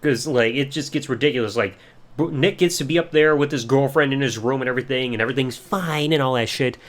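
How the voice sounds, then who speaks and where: A man's voice: mid-range voice, fast talker. A young man hosting a casual solo review podcast, rambling along and swearing casually. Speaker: podcast host.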